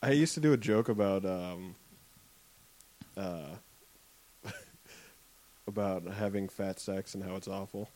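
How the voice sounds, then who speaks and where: A man chatting casually as a comedian guest, with dry, deadpan quips. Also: deep voice, slow pace, long pauses. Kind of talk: casual chat.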